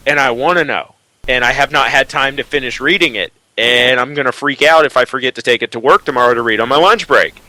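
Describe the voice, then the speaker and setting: A man's voice: medium pitch, fast, pushed and bright, dry recording, rough recording. Jittery, stammering man on a podcast. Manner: rambling, stammering, restarts often. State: jittery from energy drinks. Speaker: podcast co-host. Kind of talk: casual roundtable chat.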